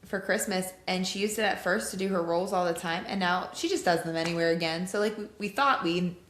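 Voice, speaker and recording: A young woman co-hosting a parenting podcast, telling animated family anecdotes in a casual, chatty way. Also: fairly low pitch, fairly quick, slight background noise. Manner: animated storyteller, laughs through anecdotes. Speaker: podcast co-host and mother of twins. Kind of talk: casual chat. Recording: echoey room.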